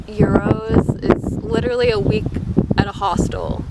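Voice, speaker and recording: A woman's voice: fairly high pitch, wildly swooping pitch, measured pace, vocal fry, heavy background noise. A young American woman telling a travel mishap story in a casual, breathless way, full of "like" and acted-out quotes. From United States. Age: young adult. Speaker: vlogger.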